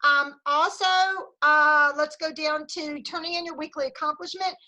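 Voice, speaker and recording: A woman's voice: high voice, steady tone, moderate pace, pushed and bright, poor audio. A woman leading a sales team meeting over a video call, giving an enthusiastic pep talk full of cheering and recognition. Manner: enthusiastic, cheering, Southern "y'all".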